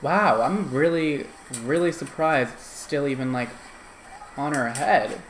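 A woman hairdresser giving casual, expressive reaction commentary on videos, explaining hair care in plain terms. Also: low-pitched, a little slow, reverberant, slight background noise. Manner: expressive, gasps and laughs, explains in lay terms.

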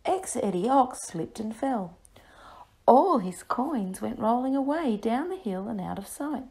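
A woman reading a children's story aloud for a reading lesson, clear and expressive, sounding words out carefully. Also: mid-range voice, measured pace. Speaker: reading teacher.

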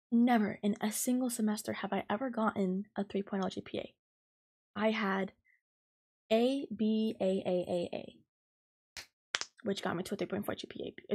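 Young woman podcaster venting fast about a coworker, husky kinda raspy voice, swears a lot, says like a ton. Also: mid-range voice, darkish tone. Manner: profane, heated venting with lots of fillers; fast and emphatic. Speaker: podcast host. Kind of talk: ranting storytime podcast.

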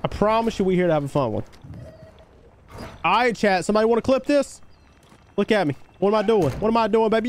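High-pitched guy streaming a shooter, chill chat then loud hype shoutouts to chat, faint noise. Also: lively intonation, a little fast, pauses often. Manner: hyped shout-outs to chat, voice jumping high on greetings; laid-back, easygoing talk between shout-outs. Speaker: live game streamer. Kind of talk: casual live-stream chat over gameplay.

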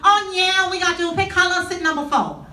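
A woman's voice: very high-pitched, a little fast, voice pushed up. A woman voicing a chatty female nail salon worker who speaks in clipped, broken English, heard in a live hall over crowd noise. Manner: clipped broken phrasing, nosy small talk.

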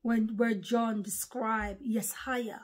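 A woman's voice: fairly high pitch, fairly even intonation, takes it slowly. A woman, preaching an informal online sermon in an impassioned, repetitive, emphatic way. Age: 40s.

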